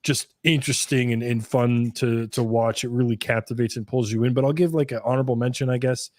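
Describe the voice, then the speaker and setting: A man co-hosting a live stream movie discussion, speaking in an easygoing, halting way with restarts. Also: medium pitch, fairly even intonation, a little mellow. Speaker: podcast co-host.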